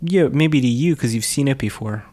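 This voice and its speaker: A young man joins a casual podcast chat, reacting with dry, teasing remarks. His voice sits at a middling pitch. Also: moderate pace, a little mellow. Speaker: podcast co-host.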